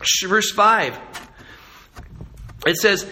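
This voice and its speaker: A man's voice: high-pitched, expressive, a little slow, bright, forceful tone, long reverb tail, soft background music. A middle-aged man preaching a sermon in a conversational way, telling stories and restarting his phrases as he goes. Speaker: pastor.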